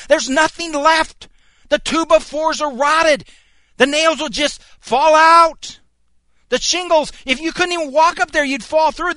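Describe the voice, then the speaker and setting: A man's voice: high-pitched, bright, forceful tone, dry recording. A middle-aged man preaching a fiery sermon, firing off rhetorical questions and hammering the same point through repetition.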